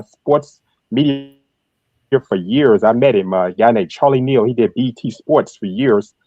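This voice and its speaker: Deep smooth broadcast-type guy on a podcast panel, kinda halting, lots of uh, dull lo-fi sound. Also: dry recording. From Louisiana. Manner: halting, repeats words with fillers. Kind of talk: casual panel chat.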